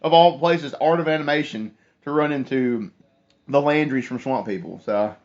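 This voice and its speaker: A man's voice: mid-range voice, normal speed, darkish tone. A young man, hosting a casual phone livestream, telling a rambling story and reading viewer comments aloud. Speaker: livestream host. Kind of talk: casual live chat with viewers. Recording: dull lo-fi phone stream audio.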